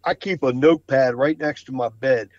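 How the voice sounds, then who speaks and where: Guest spot: excited man, stumbling restarts, dull dry lo-fi sound. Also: mid-range voice, normal speed, no room sound. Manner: enthusiastic, repetitive restarts. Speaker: flooring contractor guest. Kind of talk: casual podcast conversation.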